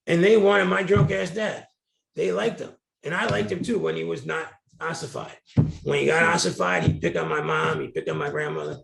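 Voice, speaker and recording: In an interview recorded with a roomy echo, a middle-aged man from New Jersey tells candid, colorful stories as a guest. His voice is fairly high, gravelly and fairly bright, and he speaks animatedly at a moderate pace.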